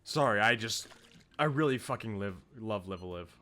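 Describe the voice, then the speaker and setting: A man's voice: on the low side, lively intonation, moderate pace, sharp tone, soft background music. A young man streaming a game, chatting casually with enthusiastic, gushing commentary and frequent laughs.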